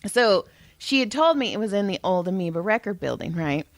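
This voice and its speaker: A woman's voice: mid-range voice, sing-song, a little fast, no echo. Chatty, swearing woman podcast co-host. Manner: chatty, swears freely, acts out quotes. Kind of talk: casual chat.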